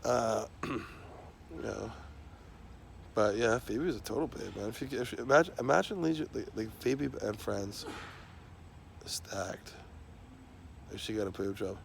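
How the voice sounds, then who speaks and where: A man's voice: fairly low pitch, a little slow, vocal fry, long pauses, a little hiss or hum. A man talking in a loose, rambling monologue, swearing constantly and trailing off into fillers and restarts.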